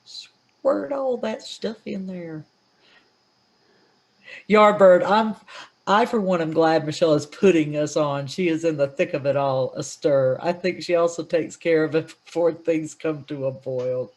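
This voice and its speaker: A woman's voice: deep voice, normal speed, a little mellow. A woman co-hosting a casual show, chiming in with quips and laughing often. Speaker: co-host. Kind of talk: casual chat.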